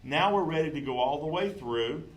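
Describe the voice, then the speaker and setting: A man's voice: on the high side, expressive, moderate pace, poor audio. A man teaching a clarinet lesson, patiently counting in and calling out note names and fingerings. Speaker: music teacher.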